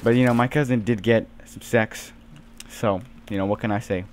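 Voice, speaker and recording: A man's voice: on the low side, fairly even intonation, moderate pace, slight background noise. A teenage man telling a rambling story full of fillers over his gameplay, as host of his gaming channel. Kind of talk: casual gameplay commentary.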